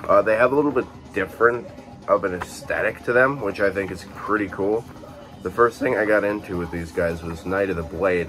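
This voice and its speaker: Just-woke-up young guy with a real low voice, rambling about his metal cds and tapes, lots of ums, bit of music playing faintly behind. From Illinois, USA. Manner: rambling, relaxed, many fillers and self-corrections. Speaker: music collector showing his collection. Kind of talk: casual chat.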